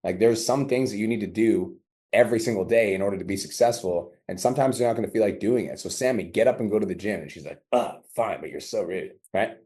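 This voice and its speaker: Man, business coach on a call, blunt and profane, low voice, quick delivery. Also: mellow. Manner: blunt, profane, acts out dialogue.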